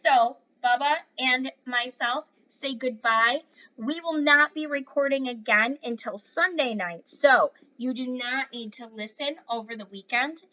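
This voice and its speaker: Bright-voiced teacher reading aloud. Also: female voice, sits high, measured pace, highs cut off. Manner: clear, steady read-aloud with classroom asides. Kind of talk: reading a novel aloud to a class.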